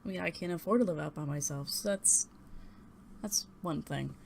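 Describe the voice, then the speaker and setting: Young woman, lower voice, rambling, hesitant, blunt, swears, home webcam vlog, desk mic, faint background noise. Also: normal speed, gravelly, a little mellow. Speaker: vlogger. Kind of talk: personal storytelling to webcam. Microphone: desktop USB mic and webcam.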